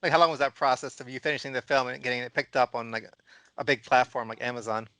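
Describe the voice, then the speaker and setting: A man's voice: medium pitch, fairly even intonation, fast, pushed and bright, no room sound. A man co-hosting an interview, asking upbeat questions and laughing along. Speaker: show co-host. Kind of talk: casual video-call interview.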